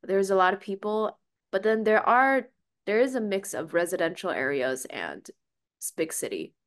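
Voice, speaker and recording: A woman in her twenties from Beijing with an American accent, native in Mandarin, chats as an interview guest. Her pitch moves up and down a lot as she answers in a breezy, offhand way. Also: animated, normal speed. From Beijing, China. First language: Mandarin Chinese. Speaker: content creator, guest. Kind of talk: casual interview.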